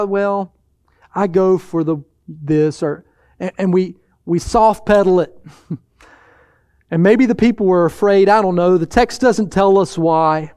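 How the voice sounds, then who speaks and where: High-voiced, clear-toned preaching man. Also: no echo, studio quality. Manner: earnest preaching with rhetorical questions and soft laughs. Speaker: pastor. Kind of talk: sermon.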